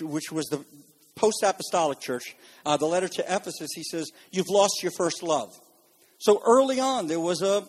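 A man teaching a Bible lesson as a sermon, talking fast and rising with emphasis. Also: sits high, breathy edge.

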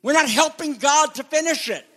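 High-voiced preacher in a reverberant hall. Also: male voice, moderate pace. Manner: emphatic, swings between loud declaring and quiet asides. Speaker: pastor. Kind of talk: sermon. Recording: long reverb of a large hall.

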